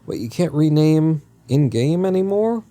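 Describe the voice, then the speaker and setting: A man live-streams a game, chatting in a rambling, joking way and often correcting himself mid-sentence. His voice is fairly high, warm and expressive, at a measured pace.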